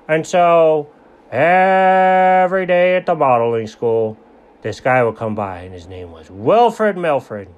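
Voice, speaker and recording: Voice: mid-range voice, big pitch swings, a little slow. A performer voicing a boastful male cartoon dog who rambles through tall tales with dry sarcasm. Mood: storytelling. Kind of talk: comedic cartoon voice acting.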